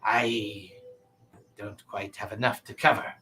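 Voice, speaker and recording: A man voicing a courteous male merchant who bargains smoothly and politely at his counter, in a tabletop game. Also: lowish voice, little pitch movement, slow, bright, forceful tone.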